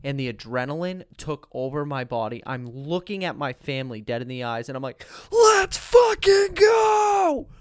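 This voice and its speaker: A young man and band member telling an animated story in a casual chat, acting out quotes as he goes. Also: medium pitch, fairly quick, few pauses, clean tone, no room sound, studio quality.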